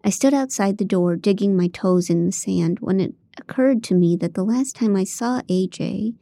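A woman's voice: medium pitch, moderate pace, vocal fry, warm tone, no echo. A woman narrating a first-person audiobook in a dry, comic way on a close studio mic.

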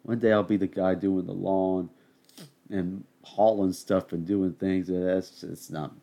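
A man's voice: low voice, flat delivery, measured pace, vocal fry, dark tone. A man hosting a solo podcast, ranting sarcastically and doing joking play-by-play while watching a game. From suburban Southern US. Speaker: podcast host. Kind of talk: ranting solo commentary over a game broadcast.

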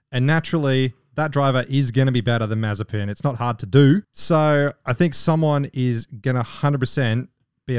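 A young Australian man talks on a casual podcast, laid-back and opinionated. His voice is mid-pitched and sounds dry and close, with no room echo. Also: darkish tone, clear, resonant tone. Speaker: podcast co-host.

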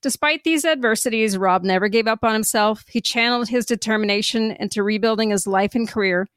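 A woman's voice: fairly high pitch, a little fast, clean tone, no echo. Dry-sounding American woman podcast host. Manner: bright and warm, laughs often. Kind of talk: scripted intro then casual chat.

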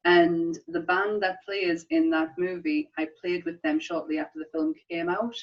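A woman co-hosting a podcast in casual chat, animated, laughing often and restarting her sentences. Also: fairly low pitch, normal speed. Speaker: podcast co-host. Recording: distant, dull lo-fi sound.

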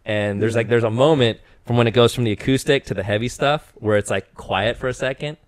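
A man in his thirties, a podcast guest in casual chat, telling stories with growing excitement and bursting into shouted quotes. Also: mid-range voice, fairly quick, dry recording.

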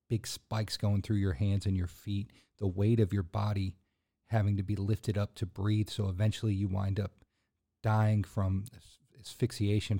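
A deep-voiced man with a gravelly edge and a dark, mellow tone hosts a faith podcast. He preaches in an earnest, conversational way, loose with fillers, then swells into emphatic lines when he drives a point home. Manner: casual fillers and restarts between points. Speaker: podcast host. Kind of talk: sermon-style podcast talk.

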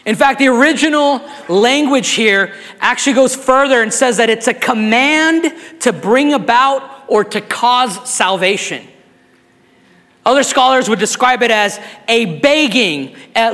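A very high-voiced man preaching with bright, forceful intensity to his congregation. He builds phrase by phrase into shouts, repeating and restarting as he pushes his point. His voice rings out with a long reverb tail in a large hall. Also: animated, unhurried. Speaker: pastor. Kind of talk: sermon. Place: church sanctuary with a live congregation.

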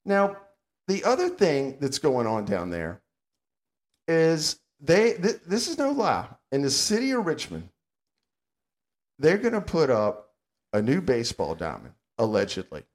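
A man's voice: medium pitch, huge pitch swings, measured pace. An older man, co-hosting a casual podcast and ranting bluntly and sarcastically. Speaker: podcast co-host.

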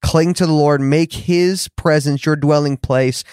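A man's voice: a little high, fairly even intonation, measured pace, a little mellow, slight background noise. A man hosting a faith podcast, speaking earnestly and encouragingly with casual fillers. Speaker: podcast host. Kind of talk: podcast interview, leading into prayer.

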